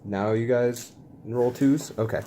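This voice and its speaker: A man's voice: medium pitch, a little slow, warm tone, slight background noise. A man playing a tabletop wargame, narrating his dice rolls in a casual, playfully exasperated way, with little sound effects as he rolls. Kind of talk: casual play-by-play of a tabletop game.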